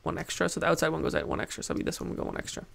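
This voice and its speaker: Young male game host, high and very fast, gravelly fry, excitable chatter. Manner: rapid, excitable, self-mocking. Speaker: gaming video host. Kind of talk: casual gameplay chat.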